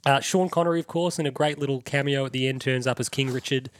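A man's voice: mid-range voice, steady tone, quick pace, no echo. A man hosting a podcast, chatting casually and enthusiastically about old films, swearing freely. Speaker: podcast host. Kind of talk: casual chat.

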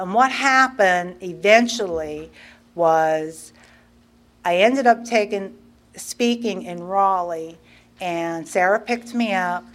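A middle-aged woman sharing her recovery story in a casual, animated way, acting out quoted dialogue and laughing often. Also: on the low side. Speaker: guest speaker.

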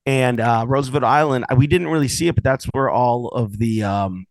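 A man's voice: mid-range voice, normal speed, no room sound, rough recording. A man co-hosting a podcast, telling long casual stories with lots of restarts and asides. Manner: rambling storyteller, many restarts. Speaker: podcast co-host. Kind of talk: casual chat.

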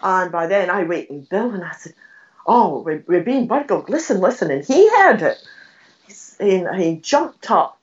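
Older lady telling stories in an interview, pitch jumps all over, low-ish voice, kinda dull distant sound. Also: a little slow. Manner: animated storyteller, laughs often, acts out her own past words. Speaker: guest telling ghost stories. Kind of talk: storytelling in an interview. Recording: dull, slightly distant recording.

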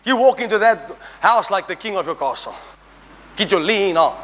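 A middle-aged man preaching a sermon to a congregation, animated and humorous, rising to shouts and drawing call-and-response. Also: sits high, moderate pace, noisy background. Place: church hall. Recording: church hall reverb.

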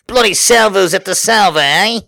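A man putting on a loud, mocking posh-Australian accent to voice a blustering male TV villain. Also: high voice, moderate pace, vocal fry, no echo, pitched above the performer's own voice, exaggerated voice. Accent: put-on Australian.

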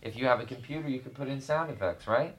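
Woman w a super low voice, hosting a podcast chat w kids, keeps asking short encouraging questions. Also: fast, highs cut off. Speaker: podcast host and leader of a youth group.

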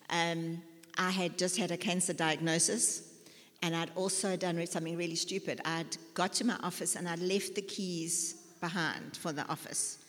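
A lay preacher with a lowish, slightly bright voice delivers a conversational sermon woven with personal stories. She's chatty and self-mocking, with many fillers and restarts, and a long hall reverb fills the recording.

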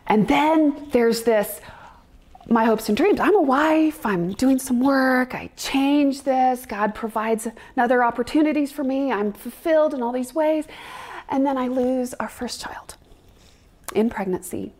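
A woman's voice: high-pitched, a little slow, darkish tone. A woman giving a candid personal testimony of faith to a class, blunt and frank, with laughter mixed into earnest talk.

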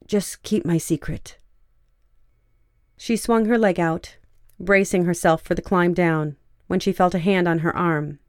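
A woman narrating a fiction story in a measured, even storytelling way. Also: on the low side, clear, resonant tone, no echo, studio quality.

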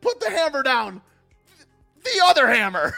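A man voicing an exasperated police officer who shouts orders. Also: very high-pitched, huge pitch swings, moderate pace, creaky, faint music behind, pitched above the performer's own voice, heavily acted. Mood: barking orders. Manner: shouting commands.

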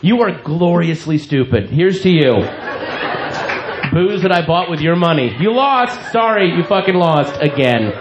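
With a voice on the high side and lively intonation, a male stand-up takes his time as he loudly mocks talkative audience members, swearing and sounding incredulous. The lo-fi live club recording picks up crowd noise, laughter and ambient club sounds.

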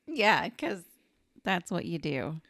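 A woman co-hosting a podcast in casual movie recap chat, chiming in with quick reactions and laughs. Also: fairly low pitch, very animated, creaky, a bit bright, no echo, clean studio sound. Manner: chimes in with quick reactions and laughs, sometimes quoting characters. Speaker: podcast co-host.

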